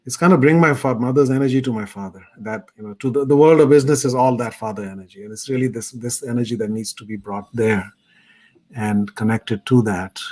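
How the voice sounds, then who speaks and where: A man's voice: mid-range voice, a little fast, a little mellow. A middle-aged man, thoughtfully telling a personal story as a guest speaker on a video call. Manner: earnest, thoughtful. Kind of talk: reflective personal storytelling talk.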